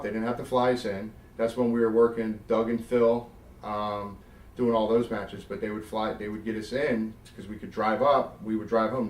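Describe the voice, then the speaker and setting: This middle-aged former wrestler from South Jersey has a lowish voice and is being interviewed, telling animated stories with vivid quoted dialogue he acts out and casual swearing throughout. The audio is reverberant and far from the mic, with a little hiss or hum.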